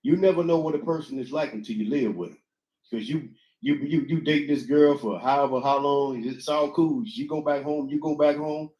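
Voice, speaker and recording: Man, blunt, argumentative, interrupts, slightly high voice, echoey room. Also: moderate pace, darkish tone. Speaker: panel guest. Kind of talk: casual panel discussion.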